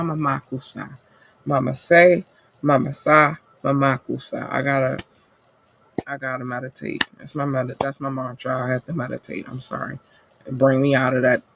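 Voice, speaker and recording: A man's voice: fairly high pitch, fairly bright tone, husky. A man hosting a podcast, delivering a blunt, profanity-laced motivational monologue and calling listeners babe and baby. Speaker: podcast host.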